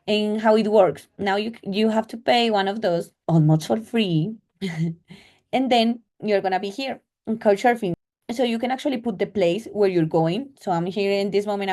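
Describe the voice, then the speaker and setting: A young woman with a Colombian accent talks through her travel stories in a loose, chatty way. Her voice is mellow and soft-edged. She leans on filler words and acts out the conversations. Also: medium pitch. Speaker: travel vlogger. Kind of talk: casual storytelling.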